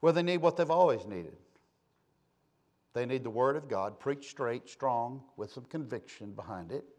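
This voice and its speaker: A man preaching a sermon, impassioned, swinging between soft asides and loud calls to the congregation. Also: mid-range voice, expressive, moderate pace. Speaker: pastor.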